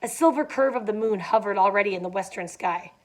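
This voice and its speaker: A woman's voice: medium pitch, quick pace. A young adult woman reading a novel aloud, dropping in casual asides with fillers. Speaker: reader.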